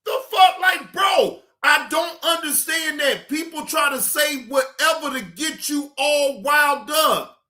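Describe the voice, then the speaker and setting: A livestream reaction host ranting at a viewer in the chat, profane and heated, often breaking into shouts and repeating dismissive goodbyes. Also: high-pitched, a little slow. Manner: repetitive dismissive sign-offs.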